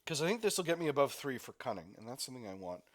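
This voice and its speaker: A man's voice: mid-range voice, big pitch swings, racing. A man giving casual gameplay commentary, thinking aloud, laughing easily and stumbling over his words. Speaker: let's play host.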